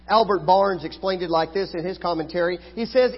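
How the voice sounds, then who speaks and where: High-voiced preacher in an echoing hall. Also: male voice, fairly quick, few pauses. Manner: swings between loud pleading and quiet asides. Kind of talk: sermon. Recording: hall reverb, dull lo-fi sound.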